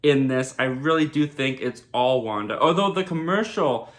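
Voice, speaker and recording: A man's voice: medium pitch, normal speed. A man giving a casual TV episode recap in a chatty way, full of "like" and "kinda". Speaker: TV reviewer.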